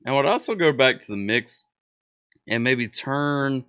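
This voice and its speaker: A man's voice: mid-range voice, expressive, unhurried, a bit bright, clean tone. A man hosting a music reaction video, giving a casual, constructive review. He talks in a rambling way, with many fillers and repeated words. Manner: constructive, coaching tone.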